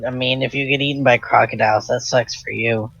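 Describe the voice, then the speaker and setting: A player in a tabletop game, describing their character's actions in a deadpan way. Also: medium pitch, a little fast, gravelly, no echo, lo-fi sound.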